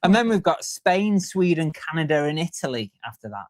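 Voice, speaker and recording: A man's voice: fairly high pitch, very animated, normal speed, no echo. A man co-hosting a casual podcast, chatty and jokey as he reads out listener stats. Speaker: podcast co-host. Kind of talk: casual chat.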